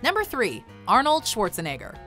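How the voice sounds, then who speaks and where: A woman's voice: on the high side, normal speed, soft background music. A woman narrating a countdown video in an upbeat scripted style. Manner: upbeat, lively list presenting.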